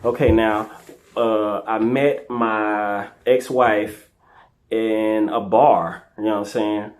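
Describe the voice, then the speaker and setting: A middle-aged man hosting his own video series, telling personal stories in a loose, animated way. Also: on the low side, slow pace. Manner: loose and animated, fillers like "you know what I'm saying". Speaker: host of a karaoke video series. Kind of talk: casual personal storytelling.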